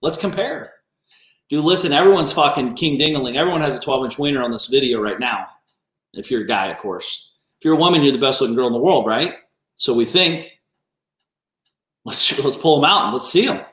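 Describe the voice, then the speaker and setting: A man's voice: mid-range voice, animated, brisk, fairly bright tone. Blunt, profane man with an echo. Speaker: business coach host. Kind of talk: livestream rant. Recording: roomy echo.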